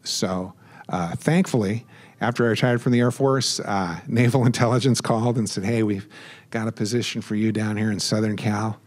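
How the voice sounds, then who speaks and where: A middle-aged man giving a speech at a memorial ceremony, halting with fillers and restarts, choked up with emotion and chuckling at himself. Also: lowish voice, fairly even intonation. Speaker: guest speaker.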